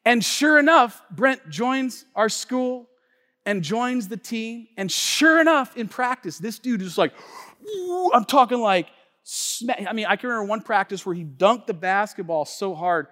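A male pastor preaching a sermon in a casual, slangy storytelling manner that swings between hushed asides and loud outbursts. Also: sits high, animated, a little slow. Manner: casual slangy talk, many fillers and restarts. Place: church sanctuary. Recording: long reverb of a large church hall.

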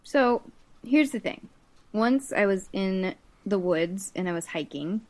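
A woman's voice: medium pitch, lively intonation, takes it slowly. A woman co-hosting a comedy podcast, telling stories in a rambling way full of fillers. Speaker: podcast co-host.

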